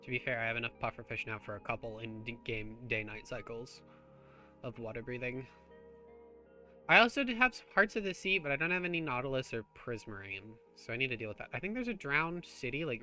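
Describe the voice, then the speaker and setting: A man's voice: medium pitch, bright, forceful tone. A man streaming a game, chatting casually while he plays, joking and swearing freely. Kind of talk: casual gameplay chat.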